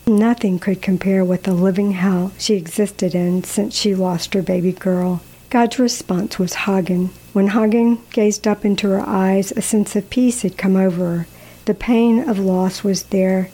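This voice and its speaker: A woman calmly reading a story aloud in a measured, gently expressive way. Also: medium pitch, rough recording. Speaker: narrator.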